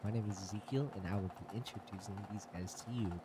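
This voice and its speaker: A man's voice: fairly low pitch, fairly even intonation, fast talker, background noise. A young man hosting a casual podcast, giggling and restarting his introduction. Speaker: podcast host.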